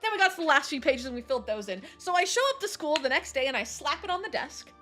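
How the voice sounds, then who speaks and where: A young woman with a high, bright voice that swoops all over as she spins a casual story for her stream. She is animated, laughs often and swears freely, with faint music playing underneath. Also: fast.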